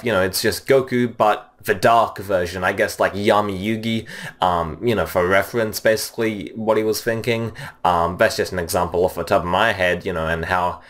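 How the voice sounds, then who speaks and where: A man's voice: deep voice, steady tone, normal speed, fairly bright tone. A man giving casual spoken commentary as a video reviewer, rambling and leaning heavily on fillers. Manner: rambling, heavy on "you know" and "um" fillers.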